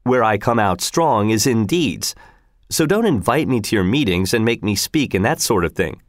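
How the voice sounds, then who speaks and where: A man's voice: on the low side, expressive, moderate pace, no echo, studio quality, natural voice. A man reading aloud, voicing a stoic hero who speaks in short, proverb-like sayings. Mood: plainspoken. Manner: terse, proverb-like pronouncements. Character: laconic, brave male hero, calm and stoic.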